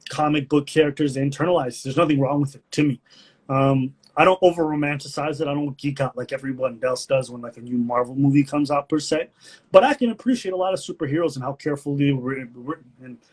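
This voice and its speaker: A man hosting a casual live-stream Q&A, talking in a relaxed, thoughtful way. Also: medium pitch, breathy edge. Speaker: livestream host.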